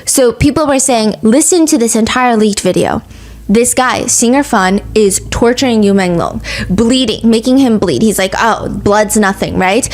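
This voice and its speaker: A woman hosting a podcast, telling a true-crime story in a brisk, earnest, casual way and asking a lot of questions. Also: fairly high pitch, a little mellow. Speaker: podcast host.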